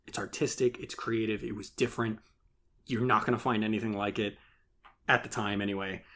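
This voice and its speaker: Animated man chatting on a podcast. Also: lowish voice, brisk. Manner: animated, swearing, laughing often. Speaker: podcast co-host. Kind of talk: casual chat.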